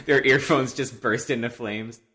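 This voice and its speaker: Very low-voiced woman co-hosting a podcast. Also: a bit bright. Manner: laughing and enthusiastic, steering the segments. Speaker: podcast co-host. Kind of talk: casual chat.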